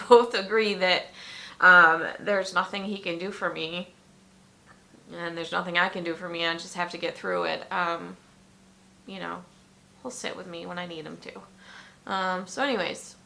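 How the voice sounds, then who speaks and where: Tearful woman with a gravelly, bright voice. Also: lowish voice, flat delivery, a little hiss or hum. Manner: emotional, tearful, halting with many ums. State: fighting back tears. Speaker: vlogger. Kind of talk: personal vlog confession.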